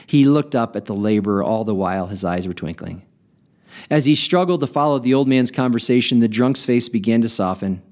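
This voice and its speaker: A podcast host reading a story aloud in an expressive storytelling manner. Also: male voice, medium pitch, fairly quick.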